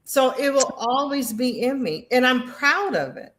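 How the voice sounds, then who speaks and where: A middle-aged woman shares memories in a lively, storytelling way, slipping into the voices of people she quotes. Her voice sits a little high for a woman. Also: unhurried. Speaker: guest, Air Force veteran. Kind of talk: emotional conversation about grief.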